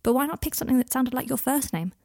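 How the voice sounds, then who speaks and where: Brief: woman reader as an earnest young wizard man, husky, dry close sound. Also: high voice, expressive, fast talker, mellow, dry recording, voice pushed up, full character voice.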